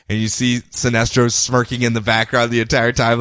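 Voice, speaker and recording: A man's voice: mid-range voice, moderate pace, hardly any pauses, clear, resonant tone, no room sound, studio quality. A man co-hosting a podcast, chatting casually and animatedly about comic books and jumping into silly voices for the characters. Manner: animated, does silly voices when recapping. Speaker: podcast co-host. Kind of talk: casual comic book chat.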